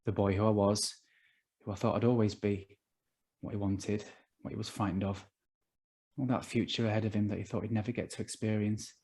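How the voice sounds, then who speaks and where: A man with a Northern English accent reading his own novel aloud, voicing a calm, quiet, reflective gay man in a slow, soft manner. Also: on the low side, lightly acted. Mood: tender.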